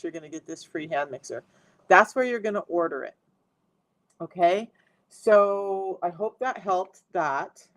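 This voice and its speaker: A man working as a health coach, talking chattily and emphatically straight to viewers in a live-stream sales pitch mixed with personal testimony, into a close phone mic. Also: a bit bright, no echo.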